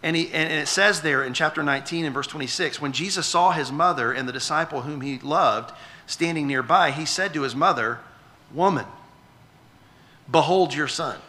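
Bright-voiced man preaching a conversational sermon. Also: fairly high pitch, fairly quick. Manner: conversational, repeats words when restarting; asks the congregation questions. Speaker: pastor.

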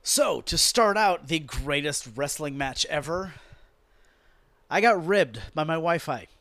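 A podcast host with a somewhat high voice rants about what he watched, swearing freely and piling on sarcasm. He talks in a loose, animated way, close to the mic. The sound is dry, with no room echo. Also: takes it slowly. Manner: animated, profane, sarcastic ranting. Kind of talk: casual ranting wrestling commentary.

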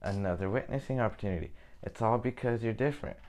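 Young guy with a low voice doing a loose rambly bible study, lots of okays. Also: fast talker, darkish tone. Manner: casual, rambling, says okay often. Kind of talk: informal Bible teaching.

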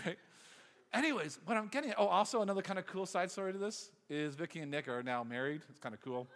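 Man, youth pastor, high voice, animated storytelling sermon, echoing hall. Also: quick pace. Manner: animated, acts out quoted voices. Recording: long hall reverb.

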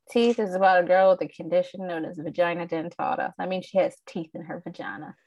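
A woman co-hosting a podcast, retelling things in a lively, profane, storytelling manner. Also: fairly low pitch, a little fast, no room sound. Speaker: podcast co-host. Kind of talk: casual chat, storytelling.

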